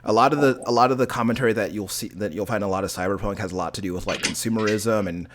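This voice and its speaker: Low-voiced man rambling about games. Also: fast talker, noisy background. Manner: rambling, heavy use of filler words. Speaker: podcast co-host. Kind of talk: casual chat about video games.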